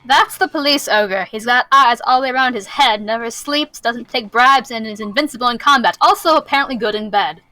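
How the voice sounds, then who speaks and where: A woman voicing a cynical, scheming student, exasperated and deadpan. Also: a little high, a little fast, few pauses, dry recording, faint music behind, low-quality recording. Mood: explaining.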